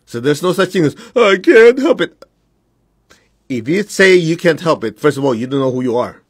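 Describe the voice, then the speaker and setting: A man's voice: mid-range voice, expressive, fast talker, slightly rough, no room sound, clean studio sound. A man teaching his followers in a blunt, direct way, with short laughs between points. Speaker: spiritual teacher.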